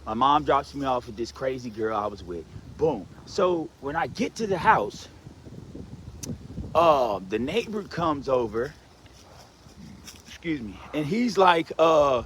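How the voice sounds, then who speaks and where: A man's voice: takes it slowly, a little hiss or hum. A man telling a personal story in a rambling, casual way, checking in with "right?" and "you know what I'm saying" as he goes. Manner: animated, swings from low mutters to excited outbursts.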